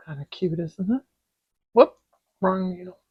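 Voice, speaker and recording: A middle-aged woman hosting a relaxed embroidery tutorial from her craft desk at home, with soft, unhurried, chatty asides. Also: on the low side, breathy edge, no room sound, highs cut off. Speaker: embroidery video host. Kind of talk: relaxed stitching tutorial chat.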